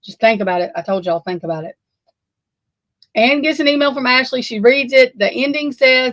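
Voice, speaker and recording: A woman's voice: a little high, normal speed, no echo, rough recording. Female streamer, rambling, cusses, dry close mic. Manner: flustered, rambling, swears freely. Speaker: livestream host. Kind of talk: casual livestream chat.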